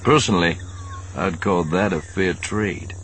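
A man's voice: low-pitched, a little slow, fairly bright tone, a little hiss or hum, rough recording. A man reading an audiobook voices an easygoing male smuggler with a dry, wry way of speaking. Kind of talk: audiobook narration.

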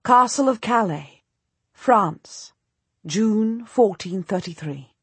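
A woman narrating a historical novel in the first person, with measured, expressive storytelling. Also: medium pitch, husky, no echo. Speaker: audiobook narrator.

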